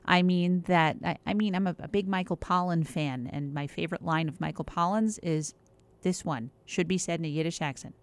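A woman's voice: fairly low pitch, brisk. A woman hosting an interview and working in nutrition practice, chatty and running on with asides. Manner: chatty, talks at length with asides. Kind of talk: casual interview talk.

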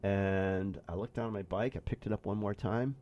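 A man's voice: fairly low pitch, fairly even intonation, moderate pace, darkish tone, lo-fi sound, a little hiss or hum. A middle-aged man hosting a casual talk show, telling rambling cycling stories with repeated phrases. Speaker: podcast host and former bike racer. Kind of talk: casual conversational storytelling.

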